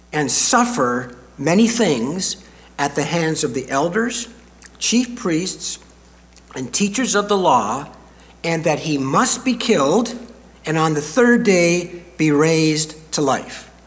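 An older man preaching a sermon as a pastor, slow and deliberate with dramatic pauses, speaking in a church sanctuary. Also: fairly high pitch. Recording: reverberant hall.

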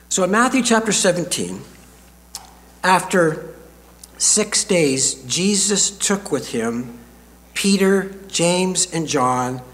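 An older man preaching a sermon as a pastor, slow and deliberate with dramatic pauses, speaking in a church sanctuary. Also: fairly high pitch, fairly bright tone. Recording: reverberant hall.

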